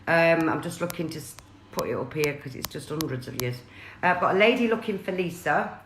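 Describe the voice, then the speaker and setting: A woman talks through a live-streamed reading in a chatty, rambling way, full of fillers and restarts. Her voice sits a little low. The sound carries a roomy echo. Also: expressive, brisk, slight background noise. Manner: chatty, relays messages with many fillers and restarts. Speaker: psychic medium.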